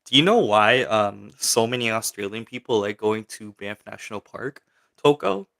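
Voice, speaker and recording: Reading viewer questions out loud, a young livestream host answers them casually in a rambling, filler-filled way. His lowish voice is gravelly, bright and forceful, delivered at normal speed.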